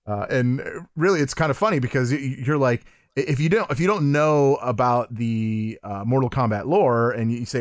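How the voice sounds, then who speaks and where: A man's voice: mid-range voice, normal speed, dry recording, studio quality. A man in casual podcast chat about a film, reading its lines aloud and laughing often. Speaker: podcast co-host. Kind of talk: casual movie commentary chat.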